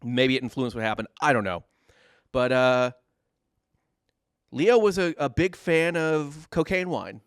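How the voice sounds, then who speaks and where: Male podcast co-host, mid-pitched and relaxed, comedic storyteller, dead-dry studio sound. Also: a little slow, long pauses, smooth, no echo. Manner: jokey, slips into mock accents. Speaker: podcast co-host telling history. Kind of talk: casual comedic history chat.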